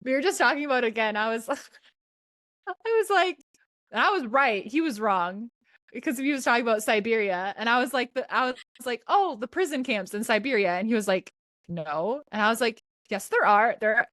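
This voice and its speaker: A woman's voice: fairly high pitch, a little fast, no room sound, clean studio sound. A woman in her thirties hosting a podcast, telling stories in a chatty, giggly way over a video call. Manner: chatty storyteller, animated quoting, giggly. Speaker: podcast host. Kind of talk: casual chat.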